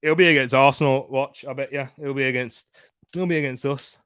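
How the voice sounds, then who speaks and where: This young host of a live football watchalong has a medium-pitched, steady voice that is a bit bright and clean in tone, and he talks fairly quickly. His casual commentary is chatty, with banter and frequent laughter. The studio sound is clean, with no room sound.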